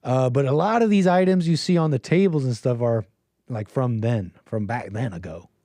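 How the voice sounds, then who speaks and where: A man's voice: medium pitch, normal speed, mellow, dry recording. A man hosting a call-in livestream, talking to his chat in a meandering, casual way, full of fillers and trailing thoughts. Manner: meandering, full of fillers and restarts, laughs often. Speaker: livestream call-in show host. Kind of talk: casual rambling monologue to chat.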